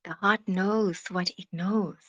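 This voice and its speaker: A woman hosting a devotional podcast, speaking in a slow, reflective way and trailing off into soft, whispery phrase endings. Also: lowish voice, steady tone, muffled recording. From South Africa.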